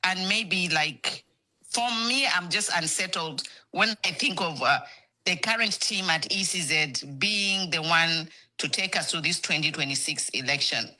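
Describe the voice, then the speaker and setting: A woman calls in over the phone, speaking slowly and earnestly with a bright, sharp tone. Her voice is lower than most women's, and she halts often with fillers as her emotion shows. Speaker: caller. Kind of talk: call-in comment to a political show.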